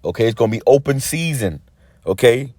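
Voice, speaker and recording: A man giving a casual preaching monologue, rambling and stammering as he repeats words, and reading scripture slowly and deliberately. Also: medium pitch, animated, a little mellow, no room sound, clean studio sound. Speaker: street preacher.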